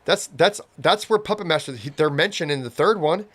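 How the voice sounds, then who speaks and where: A man's voice: on the high side, animated, brisk, a bit bright. A man co-hosting an anime review, talking casually in long rambling runs, restarting often and acting out quotes. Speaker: co-host of an anime review show. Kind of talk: casual reaction discussion.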